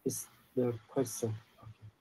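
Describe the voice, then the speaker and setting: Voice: mid-range voice, flat delivery, normal speed, creaky, dark tone, slightly rough, low-quality recording. An adult English learner whose first language is Chinese, hesitantly repeating phrases on a video call. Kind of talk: one-on-one online lesson.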